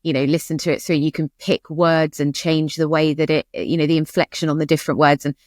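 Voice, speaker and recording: A woman's voice: deep voice, flat delivery, no room sound, studio quality. A woman co-hosting a podcast, asking questions and chatting casually. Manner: quick questioning, conversational. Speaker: podcast co-host. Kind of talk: casual chat.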